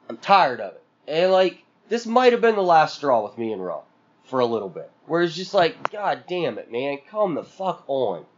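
A man's voice: sits high, muffled recording. A man co-hosting a podcast, venting in a profane, exasperated rant full of sarcastic mock quotes. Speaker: podcast co-host.

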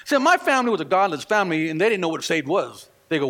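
Bright high-voiced preacher man, gravelly. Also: fast talker. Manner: animated storytelling, acts out quoted voices. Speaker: pastor. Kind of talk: sermon. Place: church. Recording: long reverb of a hall.

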